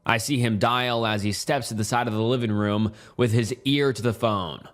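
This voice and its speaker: A man's voice: lowish voice, fairly even intonation, normal speed. Man narrating a somber horror story.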